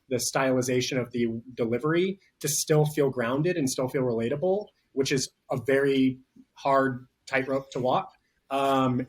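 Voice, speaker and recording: A man speaking as a film director in a relaxed interview, talking thoughtfully with frequent fillers and restarts. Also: mid-range voice. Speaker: writer-director. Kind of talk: casual interview talk.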